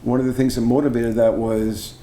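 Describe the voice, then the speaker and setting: A middle-aged man from Canada, a barbershop arranger and judging chair, holds a casual interview with a fellow singer, eager, admiring and chatty with restarts. He talks a little fast in a mellow mid-range voice with little pitch movement, and the room echoes.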